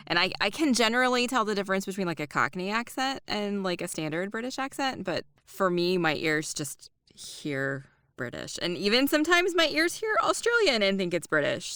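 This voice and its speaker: Woman, casual podcast chat, self-deprecating, easygoing, smooth lowish voice. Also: very animated, moderate pace, few pauses, fairly bright tone, no echo, studio quality. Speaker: podcast co-host.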